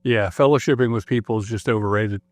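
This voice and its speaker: A man's voice: on the low side, quick pace, dry recording. A man guesting on a casual podcast, friendly and reflective with a dry sense of humor. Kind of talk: casual chat.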